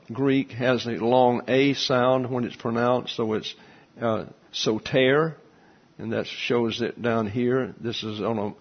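A man teaching a lesson, explaining step by step in a measured way with frequent pauses and fillers. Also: mid-range voice. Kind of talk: classroom lecture explaining Greek letters. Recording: slightly dull, lo-fi recording.

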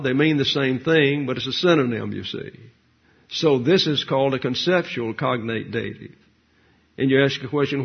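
Husky man teaching Greek Bible words. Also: mid-range voice. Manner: explanatory, stresses Greek words slowly. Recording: dull lo-fi recording.

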